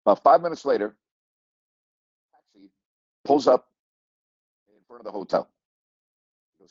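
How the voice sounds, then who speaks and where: An older male sports broadcaster tells a story in a loose, rambling way, circling back on his phrases and chuckling as he goes. His voice sits low, and the sound is dry and a little dull, like a lo-fi recording. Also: animated, moderate pace, long pauses, no room sound. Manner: rambling, repeats phrases, chuckles mid-sentence. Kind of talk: casual storytelling monologue.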